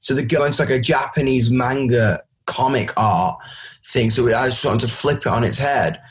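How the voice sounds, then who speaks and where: A man with a Yorkshire accent, a guest musician chatting loudly and casually in an interview, rambling and swearing freely. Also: medium pitch, moderate pace, slight background noise. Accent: Yorkshire English. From Doncaster, England.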